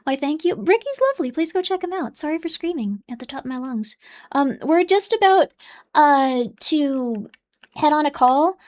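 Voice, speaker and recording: Bubbly high-voiced woman streamer. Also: lively intonation, normal speed, a little mellow. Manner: bubbly, playfully scolding, shifts into whispers. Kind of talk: casual live-stream chat.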